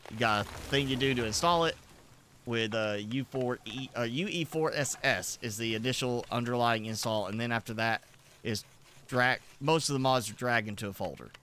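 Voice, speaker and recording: A man's voice: medium pitch, normal speed, bright, forceful tone, a little hiss or hum. A man streaming a game, chatting casually with viewers in loose, rambling explanations full of restarts. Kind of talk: casual livestream chat.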